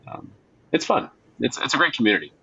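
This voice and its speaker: A man being interviewed as a comic book writer, telling stories with excitement and acting out quotes, with many fillers. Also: mid-range voice, a little fast, gravelly, husky, highs cut off. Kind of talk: casual interview chat.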